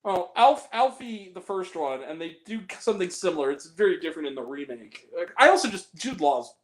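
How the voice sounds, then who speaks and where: A man hosting a live Q&A, chatting about movies in an animated, rambling way and swearing freely. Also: sits high, brisk. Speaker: host. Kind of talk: casual movie chat.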